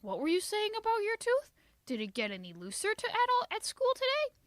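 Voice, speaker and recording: A woman voicing a patient, weary old grandfather who talks gently and coaxingly in a storybook reading. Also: extremely high pitch, huge pitch swings, a little fast, no room sound, clean studio sound, voice pushed up, heavily acted.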